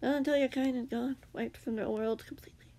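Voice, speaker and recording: A woman voicing a cruel, menacing male captor in an amateur fanfiction reading, often dropping to a hushed, threatening tone. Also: high-pitched, fairly even intonation, fairly quick, voice pushed up.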